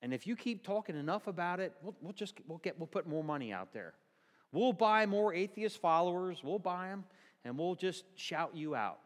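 A man's voice: high voice, animated, moderate pace, big-room sound. A male pastor preaching a sermon in a church, telling the story vividly and asking the congregation questions.

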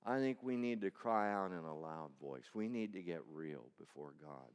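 A man's voice: low voice, lively intonation, moderate pace, clean tone. Impassioned preacher man in an echoing hall. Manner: swings from loud intense preaching to quiet storytelling. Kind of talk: sermon. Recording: long reverb hall.

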